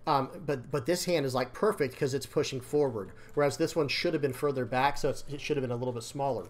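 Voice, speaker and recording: Male card game creator, casual rambling commentary, dry strained throat, mid-pitched. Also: quick pace. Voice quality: slightly strained voice. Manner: rambling, repeats words, addresses viewers as guys. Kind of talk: casual commentary over screen.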